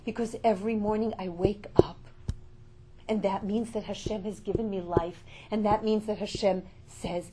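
A woman's voice: medium pitch, steady tone, moderate pace, dark tone, slight background noise. An older woman giving an inspirational storytelling talk, emphatic and full of repeated rhetorical questions. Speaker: inspirational speaker.

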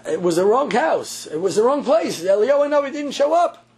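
A man's voice: extremely high pitch, very animated, brisk, a little mellow, slight background noise, voice pushed up, exaggerated voice. A man voicing an eager, well-meaning wealthy man who insists on helping.

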